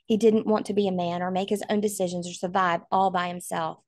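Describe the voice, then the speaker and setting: A woman's voice: fairly low pitch, fairly even intonation, brisk, a little mellow, no echo. A woman narrating a novel aloud in an earnest, emotional way. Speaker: audiobook reader.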